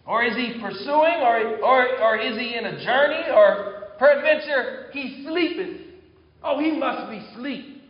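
A man voicing a male prophet who loudly mocks his rivals with sarcastic taunts. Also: very high-pitched, animated, a little slow. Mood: mocking. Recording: echoey hall, dull sound.

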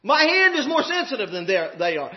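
A man preaching a sermon, impassioned and shouting at times, drawing out emphatic phrases. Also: very high-pitched, very animated, fairly quick. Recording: echoey, dull hall recording.

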